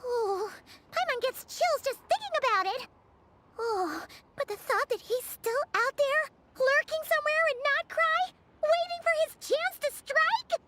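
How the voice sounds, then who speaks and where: A woman's voice: extremely high pitch, measured pace, fairly bright tone, no room sound. A woman voicing Paimon, a tiny floating female companion who talks in a dramatic, childlike and exaggerated way for a game. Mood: spooked. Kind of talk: game voice acting.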